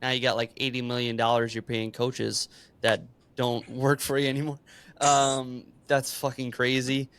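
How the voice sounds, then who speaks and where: A young man talking football on a podcast in a casual, blunt way, swearing freely. His voice is smooth and clear at a middle pitch. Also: flat delivery, normal speed, fairly bright tone. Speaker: podcast co-host. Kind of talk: casual sports chat.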